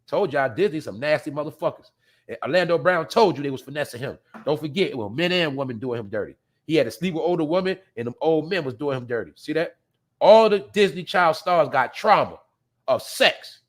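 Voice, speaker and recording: A man hosting a show, ranting bluntly and profanely at his viewers, swinging between loud outbursts and low mutters. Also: lively intonation, a little fast. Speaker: podcast host. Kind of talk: casual profane commentary.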